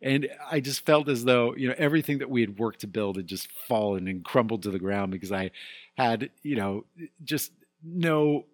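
A man's voice: mid-range voice, lively intonation, normal speed, no echo. A middle-aged man preaching a sermon as pastor, telling a candid personal story and building to emphatic peaks.

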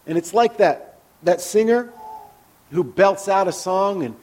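A man preaching a conversational sermon as a pastor, candid and personal, often dropping into soft, hushed asides. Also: high voice, animated, unhurried.

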